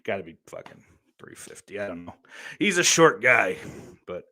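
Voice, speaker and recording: A young man hosting a podcast, telling a story in a rambling, casual way, swearing often, with lots of fillers and sudden loud bursts. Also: fairly low pitch, very animated, normal speed, no room sound. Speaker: podcast host.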